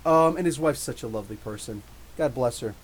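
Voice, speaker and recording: A man hosting a live podcast, telling an excited story with quoted dialogue in a casual, animated way. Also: medium pitch, a little fast, slightly rough, low-quality recording. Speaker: podcast host.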